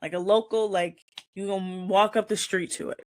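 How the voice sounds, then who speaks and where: A woman's voice: mid-range voice, moderate pace. A woman hosting a casual chat show, telling a long personal story and acting out what people said. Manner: animated, acts out the quoted lines in the story. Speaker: host.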